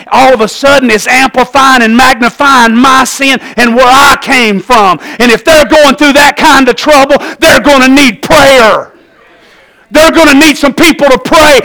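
A man preaching a sermon as pastor, shifting from low conversational asides to shouted, fervent passages. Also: poor audio.

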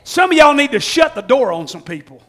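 A man preaching a sermon, folksy and laughing often, swinging from shouts to hushed tones and acting out quotes. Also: extremely high pitch, very animated, brisk.

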